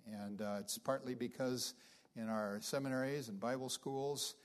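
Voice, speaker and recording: A man's voice: mid-range voice, steady tone. Man giving a Bible lecture. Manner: unhurried, many fillers, reads scripture aloud with emphasis. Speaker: Bible teacher.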